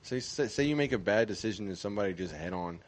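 A man's voice: lowish voice, fast. A man co-hosting a podcast, chatting casually and telling profane stories, acting out the people in them. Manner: profane, animated storyteller who acts out quotes. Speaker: podcast co-host. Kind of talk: casual chat.

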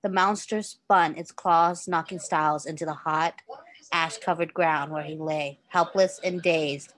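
A woman with a somewhat low voice reads a story aloud. Her delivery is casual and unpolished, with the odd stumble and quick self-correction as she goes. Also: steady tone, fairly bright tone. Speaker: reader.

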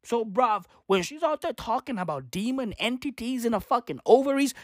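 A woman giving excitable, profane reaction commentary, repeating slang fillers. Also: fairly high pitch, normal speed, no room sound, clean studio sound.

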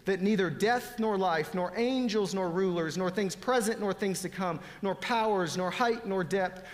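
A man preaching a sermon, dropping to hushed whispers and rising to loud, pleading appeals. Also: on the high side. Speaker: pastor. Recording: long hall reverb.

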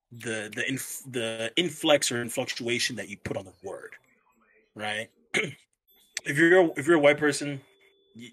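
A man with a husky voice that still has a bright, forceful tone talks as a co-host in a relaxed sports chat. He speaks loosely, often tossing in "bro" and "man.". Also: medium pitch. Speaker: podcast co-host.

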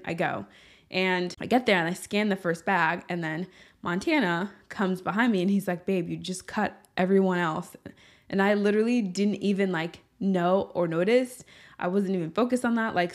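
A woman hosting a podcast, talking through a personal story in an earnest, candid way with lots of fillers. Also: lowish voice. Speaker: podcast host. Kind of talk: personal reflective monologue.

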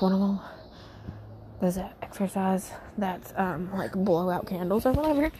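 A mother, chatting casually in a home vlog, rambling and sometimes dropping to a soft whisper. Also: mid-range voice, animated, moderate pace, background noise. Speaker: mother of young children.

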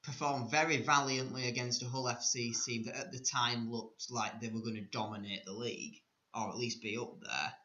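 A man's voice: medium pitch, moderate pace, sharp tone. A man co-hosting a casual sports chat, talking with wry, teasing humour. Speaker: podcast co-host. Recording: echoey room, dull lo-fi sound.

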